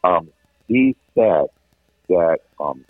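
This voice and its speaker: Deep husky man on a tinny line. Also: very slow, no echo. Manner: animated anecdotal, frequent restarts. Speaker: veteran sports radio host, guest. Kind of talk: casual storytelling chat.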